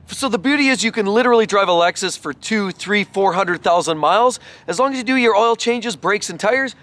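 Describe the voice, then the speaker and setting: Bright, effusive man reviewing cars. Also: high-pitched. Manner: effusive, praising every detail. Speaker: car reviewer. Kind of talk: enthusiastic car walkaround. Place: outdoors beside parked cars.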